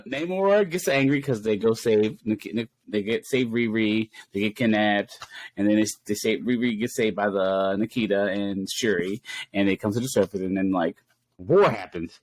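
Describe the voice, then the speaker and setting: A man co-hosting a podcast, chatting casually and animatedly, with bursts of high-pitched exclamations and laughter. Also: no room sound. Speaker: podcast co-host.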